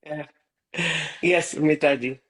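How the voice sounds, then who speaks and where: A man's voice: on the high side, fairly even intonation, takes it slowly, rough recording. Patient male teacher. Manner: patient, checks in often with "right?" and "okay?". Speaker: Hindi teacher. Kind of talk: live online class.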